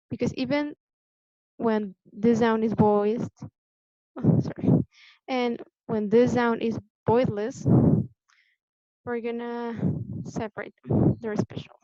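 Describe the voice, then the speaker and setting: A woman teaching English pronunciation in a patient, deliberate way, repeating the key points for her students. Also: fairly high pitch, dark tone, no echo. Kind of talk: classroom lesson explanation. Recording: dull lo-fi sound, dry.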